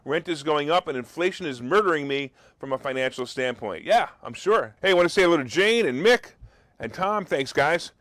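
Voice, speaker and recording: Sarcastic high-voiced man ranting. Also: lively intonation, a little fast, fairly bright tone, no room sound. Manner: sarcastic, mocking, rising to incredulous peaks. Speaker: talk show host. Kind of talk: opinionated monologue.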